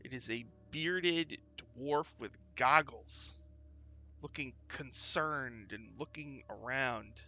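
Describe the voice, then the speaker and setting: A man running a tabletop game as game master, narrating in a loose, halting way with many fillers. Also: mid-range voice, creaky, pushed and bright.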